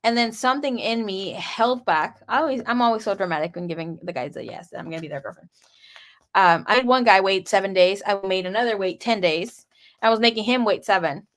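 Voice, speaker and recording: Speaking a little fast in a mid-range, fairly bright voice, a young woman tarot reader shares a personal story with her viewers. Her manner is relaxed and conversational, candid and dramatic, and she curses frequently along the way.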